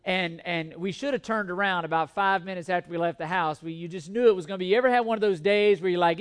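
High-voiced pastor telling a lively story. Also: male voice, quick pace, few pauses, clear, resonant tone. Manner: animated storytelling, self-deprecating humor. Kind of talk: sermon with humorous personal story.

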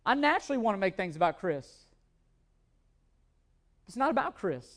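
A man's voice: sits high, very animated, moderate pace, fairly bright tone. A man preaching a sermon as pastor, emphatic, often repeating words and asking rhetorical questions.

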